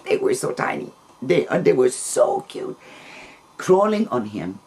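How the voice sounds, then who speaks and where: A man telling a long personal story in a casual, rambling, gentle way, with soft laughs between phrases. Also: a little high, sing-song, unhurried, a little hiss or hum.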